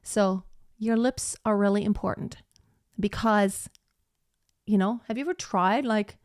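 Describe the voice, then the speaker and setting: A woman's voice: medium pitch, a little slow, smooth, dry recording, studio quality. A woman voice teacher giving a live singing lesson, explaining technique and breaking into short sung demonstrations.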